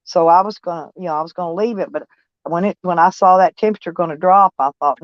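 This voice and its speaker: A woman's voice: on the low side, fast talker, no echo. Older woman, van-life vlogger; loose folksy rambling, salty language, dry lo-fi recording. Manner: rambling, folksy storytelling with cussing and laughs. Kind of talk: casual chat. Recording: dull lo-fi sound.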